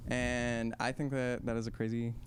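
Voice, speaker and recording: A man's voice: mid-range voice, level tone, moderate pace, a crowd in the background. A young man dropping into a radio studio, arguing back in a mock-apologetic, teasing way. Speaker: classmate dropping in. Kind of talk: comedic banter. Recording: faint background noise.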